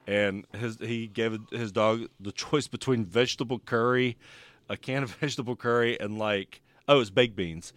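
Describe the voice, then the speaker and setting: A man's voice: fairly low pitch, moderate pace, fairly bright tone, dry recording. A man co-hosting a casual chat, retelling a TV show at length with laughs and swearing. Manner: rambling storyteller, laughs, swears. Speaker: podcast co-host reviewing TV shows.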